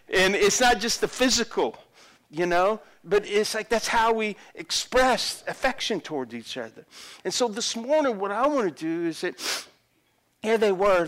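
Middle-aged male pastor, high and very expressive voice, lively storytelling sermon. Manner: animated, acts out voices of people in the story.

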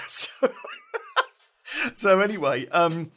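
Middle-aged male storyteller, slightly high voice, rambling and chuckly, salty slang, casual podcast delivery. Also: animated, unhurried, a bit bright.

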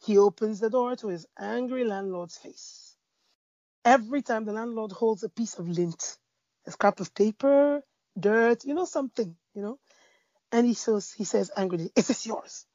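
A woman speaking about faith in a conversation, telling a parable with lively storytelling, fillers and restarts. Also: fairly high pitch, normal speed, no echo, highs cut off. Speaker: Christian speaker. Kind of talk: preaching in a conversation.

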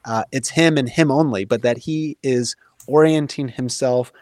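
A man's voice: medium pitch, normal speed, darkish tone, no room sound, clean studio sound. A man as an interview guest, explaining in an earnest, thoughtful way with many fillers and restarts. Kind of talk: casual conversational explaining.

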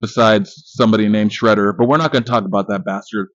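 A man's voice: lowish voice, steady tone, fast talker, dry recording. A man in his thirties hosting a podcast, giving a casual, profane and jokey movie review monologue full of boasts. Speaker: podcast host. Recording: dull lo-fi dry recording.

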